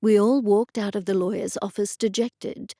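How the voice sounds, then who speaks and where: Gravelly woman audiobook narrator. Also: medium pitch, moderate pace, dry recording, studio quality. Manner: steady first-person storytelling. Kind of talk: scripted narration.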